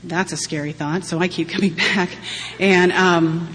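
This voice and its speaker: A woman's voice: fairly low pitch, fairly even intonation, measured pace, a bit bright. Candid woman sharing her story in a hall. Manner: candid, humorous storytelling with frequent laughter. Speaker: speaker sharing at a recovery-group meeting. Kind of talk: personal testimony to an audience. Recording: long hall reverb, faint hum.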